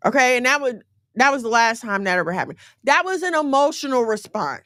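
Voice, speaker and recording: Woman host, slightly high voice, emphatic and blunt, dry close sound; casual advice chat to viewers. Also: very animated, brisk, fairly bright tone, no room sound. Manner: emphatic, repeatedly checking in with listeners. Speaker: livestream host giving relationship advice.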